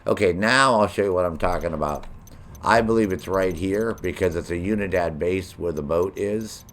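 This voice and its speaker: A man's voice: low voice, normal speed, a bit bright, a little hiss or hum. A middle-aged man streaming a video game, joking and swearing as he banters with his chat. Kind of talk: live gameplay commentary.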